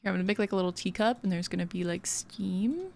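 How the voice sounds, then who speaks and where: Woman, streamer, casual gaming chat, giggly, rambling with fillers, mid pitch. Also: fast talker, gravelly, darkish tone. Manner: chatty, giggly, lots of fillers.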